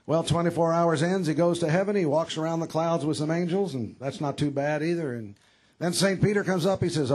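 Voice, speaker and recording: A man giving a rally speech for governor, telling jokes in a dry, halting way with many fillers. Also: a little high, darkish tone, slightly rough. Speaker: candidate for governor speaking at a rally. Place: campaign rally before a crowd.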